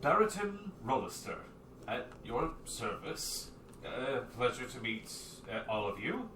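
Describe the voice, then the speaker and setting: A man's voice: medium pitch, sing-song, unhurried, echoey room, distant mic, background noise. Man playing Sir Barrington, a stammering flustered knight. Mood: formal. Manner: stammering, overly formal, full of "uh"s. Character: flustered, awkward human knight in armor.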